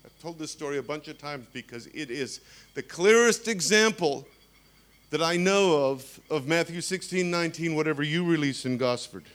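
Man, sixties, preacher, sermon, animated, storytelling, slightly high voice. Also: moderate pace. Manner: animated, storytelling, humorous asides.

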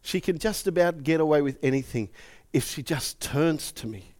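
A man's voice: a little high, moderate pace. A middle-aged man preaching a sermon, telling personal stories with emotion and acting out quotes. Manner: emotive, animated storytelling with acted quotes. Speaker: pastor.

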